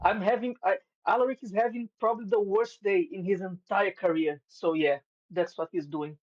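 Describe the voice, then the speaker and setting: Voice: mid-range voice, steady tone, normal speed. A tabletop player who politely describes his character's actions in third person, on a dull lo-fi mic. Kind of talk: casual tabletop role-play.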